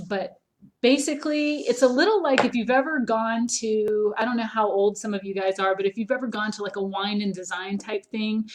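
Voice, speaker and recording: A woman with a mild Southern accent chats through a home livestream as an art teacher. Her talk is loose and rambling, peppered with ums and false starts. She keeps an easy, casual flow with her viewers. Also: medium pitch. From Charleston, South Carolina, US. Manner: chatty and rambling, many ums and restarts.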